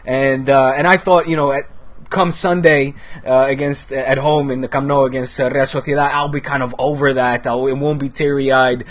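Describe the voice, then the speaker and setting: A man in his thirties from the Netherlands hosts a football show while he has a cold. He rambles in loose, casual chat with lots of fillers and offhand swearing, and his voice sits at an ordinary middle pitch. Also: flat delivery, normal speed.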